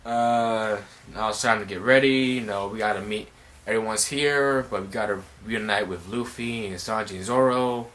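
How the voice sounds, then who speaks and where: A man doing a calm old pirate mentor. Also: fairly low pitch, normal speed, close to an everyday voice.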